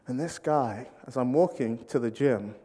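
A man's voice: mid-range voice, moderate pace. A British man preaching, telling funny stories and acting out the people in them as he jokes with the congregation. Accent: British English. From Britain. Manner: animated, acts out quoted voices, jokes with the crowd. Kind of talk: humorous sermon storytelling. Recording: long hall reverb.

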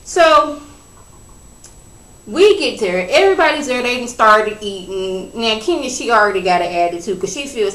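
A woman giving a casual, sassy recap of a reality show, chatting in a lively storytelling way. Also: on the high side, moderate pace, echoey room, poor audio.

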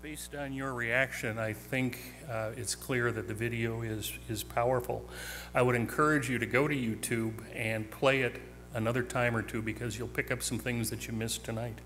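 A man hosting a community talk, reading a formal introduction of the speaker in a measured way. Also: mid-range voice, steady tone, a bit bright, faint music behind. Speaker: event host introducing the speaker. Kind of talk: read introduction. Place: theater stage.

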